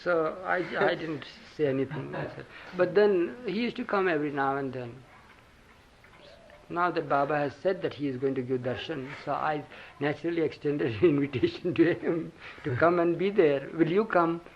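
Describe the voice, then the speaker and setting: A man's voice: on the high side, moderate pace, creaky. An older man with an Indian English accent, reminiscing in casual talk and chuckling through his stories. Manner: chuckling, animated storytelling with acted quotes. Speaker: storyteller recounting memories. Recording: dull lo-fi 1980 tape with hiss.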